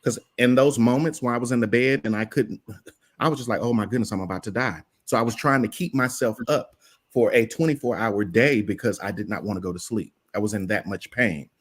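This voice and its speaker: A man's voice: medium pitch, fairly quick. A man, chatting casually and telling a story in an earnest, plain-spoken way. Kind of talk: casual chat.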